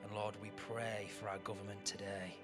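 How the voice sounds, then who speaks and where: A man's voice: on the low side, little pitch movement, moderate pace, loud music behind the voice. A man, a pastor giving a sermon in a chatty way, with joking asides to the congregation.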